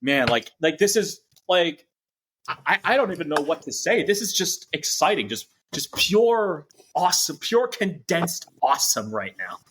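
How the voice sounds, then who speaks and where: A young man who is a voice actor and podcast guest, talking in casual chat with excited, playful jokes. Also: a little high, measured pace, slight background noise. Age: young adult.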